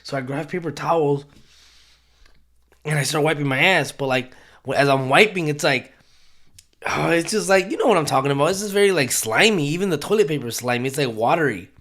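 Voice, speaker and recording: Young dude rambling thru a story, lots of swearing, a bit high voiced. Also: male voice, brisk, a bit bright. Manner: rambling, profane, switches into Spanish phrases. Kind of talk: casual storytelling.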